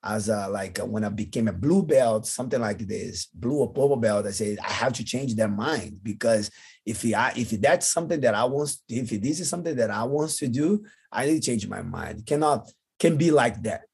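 Husky man. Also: fairly low pitch, lively intonation, darkish tone. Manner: halting, non-native phrasing, frequent restarts. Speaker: guest, jiu-jitsu champion. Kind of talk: podcast interview storytelling.

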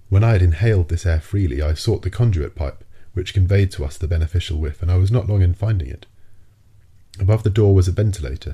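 A male narrator reading a novel aloud in a measured, deliberate way. His voice is low and very dark, with a husky, slightly breathy edge. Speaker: audiobook narrator. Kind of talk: scripted narration.

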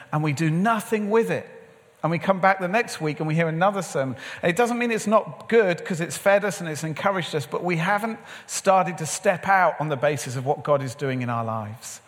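A man's voice: on the high side, animated, brisk. Man preaching in a reverberant hall. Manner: conversational storytelling with acted-out dialogue. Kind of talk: sermon with personal story. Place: large church or event hall.

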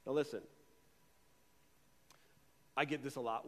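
A pastor with a fairly high voice preaches to his congregation at a moderate pace, animated and conversational, often stumbling over repeated words. A large church hall's long reverb trails after him, with slight background noise.

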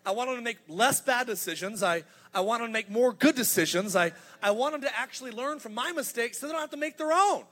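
A man in his thirties preaching a sermon as pastor, energetic and humorous, building to emphatic points. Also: very high voice, quick pace, few pauses. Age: 30s.

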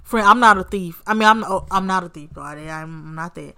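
Sassy, bright-voiced woman telling a story. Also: fairly low pitch, brisk. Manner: sassy, animated, swears freely, calls listener honey and baby. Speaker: podcast host. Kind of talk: casual storytime commentary.

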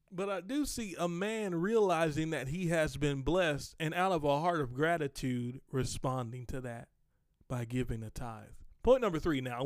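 A man preaching a sermon, reading scripture aloud and explaining it conversationally, moving between slow emphasis and quick asides. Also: fairly high pitch, dry recording, clean studio sound.

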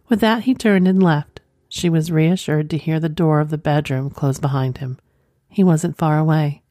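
A woman narrating an erotic story in a soft, sensual manner. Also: low voice, normal speed, no echo, studio quality.

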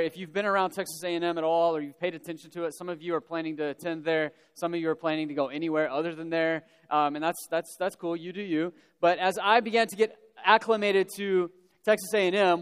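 High-voiced man speaking in a big hall. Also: clear, resonant tone. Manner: animated, casual, many fillers and repeats. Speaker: youth speaker. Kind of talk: storytelling talk to a young audience. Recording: long hall reverb.

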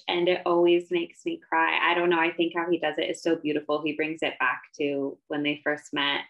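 A woman co-hosting a casual book-discussion podcast, talking in an animated, emphatic way that climbs sharply when she gets worked up. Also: on the low side, vocal fry. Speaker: podcast co-host.

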